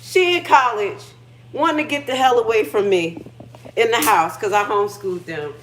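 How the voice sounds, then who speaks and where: A middle-aged woman speaks in a mid-range, fairly bright voice at a moderate pace while hosting a casual livestream from her kitchen. She's frank and profane, with emotional storytelling and frequent swearing.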